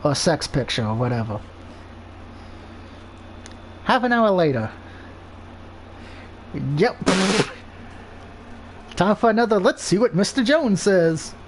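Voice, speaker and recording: Man, high voice, let's play commentary, joking, swearing asides. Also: big pitch swings, slow, long pauses, a little hiss or hum. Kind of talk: casual game commentary and reading.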